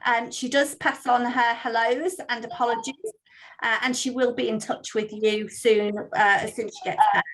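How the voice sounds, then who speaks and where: A woman's voice: a little high, fairly even intonation, moderate pace, a bit bright, low-quality recording. A woman hosting a volunteer meeting on a video call, chatty and friendly, with many ums. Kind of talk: online meeting talk.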